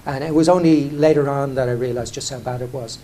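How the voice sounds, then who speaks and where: A man's voice: medium pitch, quick pace, dark tone, a little hiss or hum. Irish businessman telling a candid story. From Ireland. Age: middle-aged. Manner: conversational, self-deprecating, frequent restarts and "you know". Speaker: airline chief executive. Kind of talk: candid anecdotal talk on stage.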